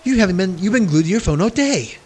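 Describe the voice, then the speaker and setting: A man's voice: sits high, expressive, fast, a little mellow, husky, faint music behind, pitched above the performer's own voice. A man voicing a bossy, scheming cartoon baby boy who mocks and needles. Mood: needling. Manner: mocking, needling.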